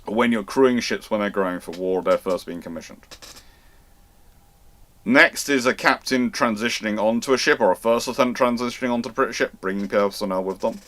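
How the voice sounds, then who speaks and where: Bright-voiced man explaining naval history. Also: on the low side, brisk. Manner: conversational, digressive explaining. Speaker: host. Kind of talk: live-stream history lecture.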